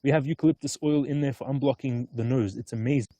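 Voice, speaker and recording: A man chatting casually on a live stream from an outdoor hilltop, easygoing and often excited. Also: medium pitch, quick pace, dry recording. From Australia. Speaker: stock market vlogger.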